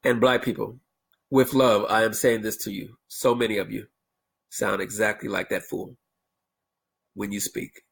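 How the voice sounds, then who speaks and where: A man's voice: fairly low pitch, steady tone, a little slow, gravelly, pauses often, a little hiss or hum. A man delivering a blunt, emphatic opinion rant as a vlogger, lecturing his viewers.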